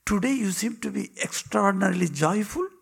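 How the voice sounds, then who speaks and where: A man voicing a humble disciple monk in a told story, earnest and reverent, with a husky voice. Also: high-pitched, expressive, fairly quick, fairly bright tone, pitched above the performer's own voice, heavily acted.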